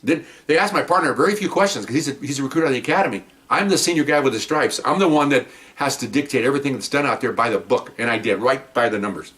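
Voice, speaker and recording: A man's voice: mid-range voice, quick pace. An older man who is a retired police officer, casually telling a story to the camera and acting out what people said. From Mexican-American background. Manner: animated, acts out quotes, frequent "okay?" asides.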